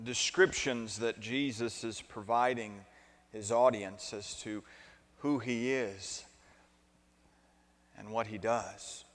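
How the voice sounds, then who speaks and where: A man preaching a sermon as pastor, deliberate at first and building to emphatic points, asking the congregation to repeat after him and answer his questions. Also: fairly low pitch, steady tone. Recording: long reverb of a large hall.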